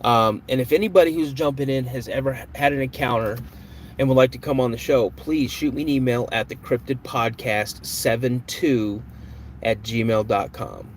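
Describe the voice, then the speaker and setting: A man's voice: medium pitch, normal speed, a little hiss or hum. A man hosting a live podcast stream, chatting casually with viewers, joking and greeting them. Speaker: podcast host.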